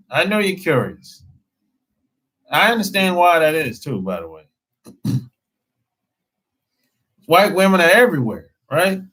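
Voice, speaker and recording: A man hosts a live stream as a dating coach. He talks slowly and bluntly, in slang, with a slightly high voice, and goes back over the same points. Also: fairly bright tone, low-quality recording. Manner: slangy, blunt, repeats himself. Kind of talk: casual live-stream talk.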